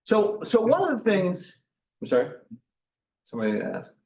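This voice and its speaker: A man presents a workshop in a loose lecture style, stopping and restarting often with ums and uhs. His voice sits a bit high for a man and moves up and down with animation. He is recorded from a distance in an echoey church meeting room. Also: wildly swooping pitch, gravelly, darkish tone. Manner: halting, with many fillers and restarts. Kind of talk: informal lecture.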